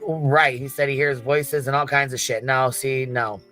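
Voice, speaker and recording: A woman's voice: very deep voice, steady tone, normal speed, fairly bright tone, faint music behind. A woman streamer in a played clip, talking in an indignant, defensive way.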